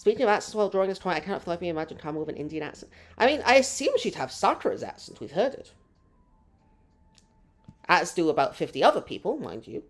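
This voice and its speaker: A woman's voice: fairly low pitch, very animated, fast. A woman hosting a live gameplay stream, chatting with her audience in a rambling, self-mocking way. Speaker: gaming streamer.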